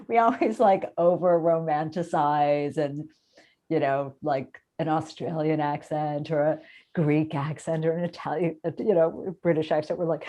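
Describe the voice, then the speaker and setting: A woman's voice: low voice, unhurried, darkish tone. A woman from the United States hosting a casual interview chat, chatty and self-deprecating, laughing often. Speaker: podcast host.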